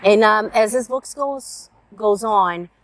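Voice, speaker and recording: A woman's voice: mid-range voice, slow. A woman casually reviewing picture books to camera, earnest and openly emotional as she talks. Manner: earnest, emotional, tearful at moments. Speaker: book reviewer. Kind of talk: casual book review vlog.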